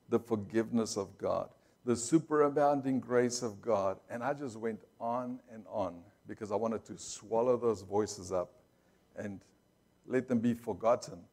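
A man's voice: mid-range voice, darkish tone. A man, a pastor, preaching a sermon and telling a personal story, acting out other people's words and calling out to his congregation. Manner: storytelling, acting out quoted voices, audience call-outs.

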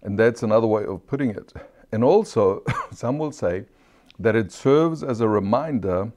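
Earnest, lower-voiced man teaching a sermon. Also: a little mellow. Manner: earnest, conversational, asks rhetorical questions, laughs lightly. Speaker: Bible teacher.

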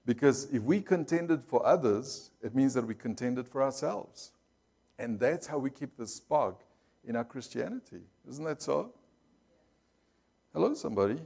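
A man's voice: medium pitch, expressive, normal speed, gravelly, darkish tone, breathy edge. Man preaching a story-driven sermon. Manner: storytelling, acting out quoted voices, audience call-outs. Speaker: pastor.

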